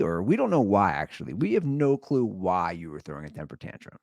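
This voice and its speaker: Lively, low-voiced man ranting casually. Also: fast, vocal fry, few pauses, no echo, studio quality. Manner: animated storytelling, blunt and profane. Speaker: podcast host. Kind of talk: casual monologue rant.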